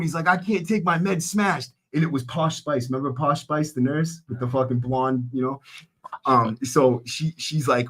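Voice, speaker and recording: Animated man telling stories. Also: medium pitch, normal speed. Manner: animated storyteller who acts out quotes in a raised voice, swears freely. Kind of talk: casual storytelling chat.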